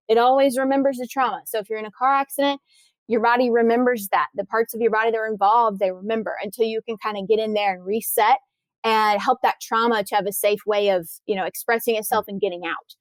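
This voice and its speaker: Animated woman with a high voice. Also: dry recording. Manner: enthusiastic, animated storytelling with many restarts. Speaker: guest, corrective exercise trainer. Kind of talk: casual podcast interview.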